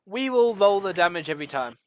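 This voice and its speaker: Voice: medium pitch, animated, fairly quick, dry recording. A game master running a tabletop game, describing the action in loose narration full of fillers.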